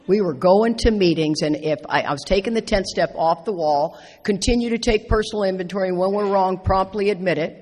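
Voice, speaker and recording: A middle-aged woman giving a personal recovery talk to an audience, animated and emphatic, repeating phrases for stress. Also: mid-range voice. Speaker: speaker at a recovery convention. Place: large indoor meeting hall. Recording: reverberant hall.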